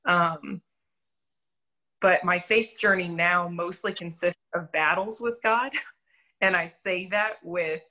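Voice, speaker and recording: A woman's voice: on the low side, takes it slowly, sharp tone, low-quality recording. A young adult woman sharing her faith testimony in an interview, telling her story candidly and earnestly with self-deprecating humor.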